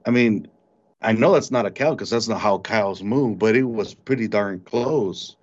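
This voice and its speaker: A man recounting a frightening encounter in an interview, halting and repeating words as he tells it. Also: fairly low pitch, darkish tone. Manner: halting, repeats words when shaken, mimics animal sounds. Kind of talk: storytelling in an interview. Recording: dull lo-fi recording.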